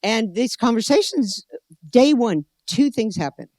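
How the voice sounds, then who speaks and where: A woman's voice: a little high, lively intonation, a little slow, darkish tone, no echo. A middle-aged American woman giving a conference talk as an anthropologist, telling a digressive story and often searching for her words. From United States. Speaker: anthropologist speaker. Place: gallery venue indoors.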